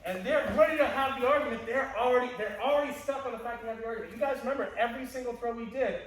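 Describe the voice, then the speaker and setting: A man with a high voice co-teaches a martial arts class in a wry, explanatory way, laughing at his own jokes. He is heard from across a large training hall, and his voice echoes strongly off the walls. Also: racing. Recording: echoey gym heard from a distance.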